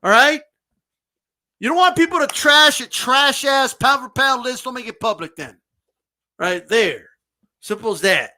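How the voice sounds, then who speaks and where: A man's voice: very high voice, animated, a little slow, pauses often, bright, forceful tone. A man giving a brash, mocking, profane rant as a boxing commentator. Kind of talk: ranting commentary vlog.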